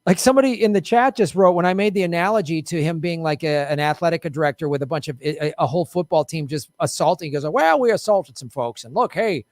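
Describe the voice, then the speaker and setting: A man hosting a casual political talk show, talking in an animated, indignant way and mocking people in quoted voices. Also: on the high side, fast talker, few pauses, dry recording. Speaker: podcast host.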